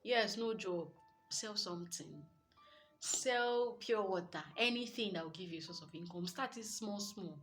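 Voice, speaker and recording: A young adult woman with a Nigerian accent giving earnest, lively relationship advice as a coach, with Pidgin asides. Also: mid-range voice, measured pace, faint music behind. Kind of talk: motivational advice talk.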